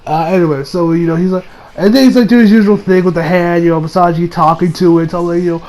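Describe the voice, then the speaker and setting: High-voiced young man recapping an episode. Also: fairly even intonation, fast, a little mellow, slight background noise, rough recording. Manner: rambling and playful, laughs often and retells scenes. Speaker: anime episode reviewer.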